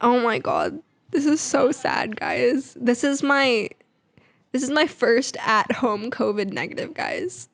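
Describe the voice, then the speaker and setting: A woman's voice: on the high side, expressive, takes it slowly, vocal fry, no echo. A young woman vlogging in a chatty, rambling, self-mocking way. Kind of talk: casual vlog chat.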